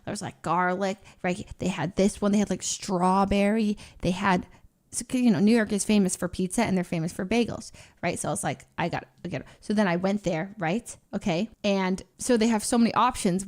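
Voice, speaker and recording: A woman streamer chatting casually as she reacts to her own vlog, rambling through a story with lots of fillers and restarts. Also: mid-range voice.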